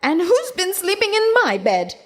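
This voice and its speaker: A woman voicing a mother bear who asks and screams in a shrill voice in a storybook reading. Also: huge pitch swings, normal speed, heavily acted.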